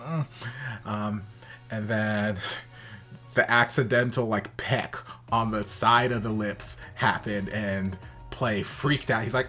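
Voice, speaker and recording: Sassy low-voiced man reacting casually. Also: moderate pace, soft background music. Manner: sassy, expressive, playful asides. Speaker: reaction video host.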